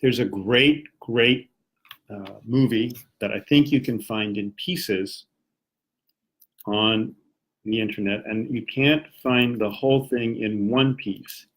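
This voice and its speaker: A man's voice: lowish voice, slow pace. A man from the United States teaching English on a casual live stream, encouraging viewers and reading their comments as he goes. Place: home, Japan.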